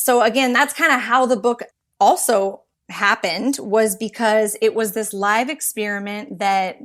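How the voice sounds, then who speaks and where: A woman in her thirties, a podcast guest, telling animated, rambling stories with quick restarts. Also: medium pitch. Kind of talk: casual interview storytelling.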